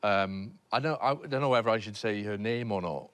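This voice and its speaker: A man's voice: fairly low pitch, moderate pace, a bit bright, smooth. A man telling a comic story on a TV panel show, hesitant and self-mocking, with many fillers and restarts.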